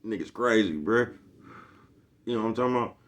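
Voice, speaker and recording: A man's voice: on the low side, expressive, fairly quick. A man ranting to camera in a rambling, profane way, full of slang and repetition, always checking if you get him. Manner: rambling, profane, keeps asking "you know what I'm talking about"; streetwise slang, repeats himself. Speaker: vlogger. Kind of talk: unscripted rant to camera.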